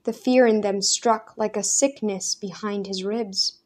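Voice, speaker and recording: A woman reading a story aloud in a measured, even narration. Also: mid-range voice. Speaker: audiobook narrator. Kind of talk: scripted narration.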